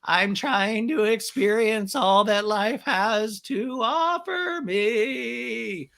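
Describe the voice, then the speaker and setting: A man putting on a slow, dreamy drawl to play a spacey young woman. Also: high-pitched, gravelly, a bit bright, voice pushed up, heavily acted.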